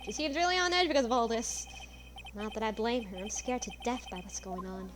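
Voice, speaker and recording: A woman's voice: on the high side, a little fast. A woman playing through a game and reading its dialogue aloud in a dramatic, self-aware way, over game music. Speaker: let's play gamer.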